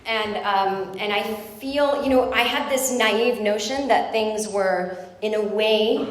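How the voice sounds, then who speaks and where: Chatty woman comic in an echoey club. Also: a little high. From United States. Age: 40s. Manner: chatty, rambling, self-deprecating storytelling. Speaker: stand-up comedian. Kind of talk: stand-up comedy set. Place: comedy club stage. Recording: very echoey live club recording. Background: audience laughter.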